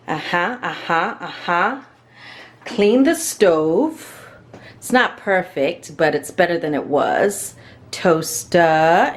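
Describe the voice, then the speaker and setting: A woman's voice: lowish voice, far from the mic. A woman chatting casually to her camera in an apartment kitchen, rambling on as she tidies up. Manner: chatty, rambling, talks to herself while tidying. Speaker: travel vlogger. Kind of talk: casual vlog chat to camera. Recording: clear background music under the voice.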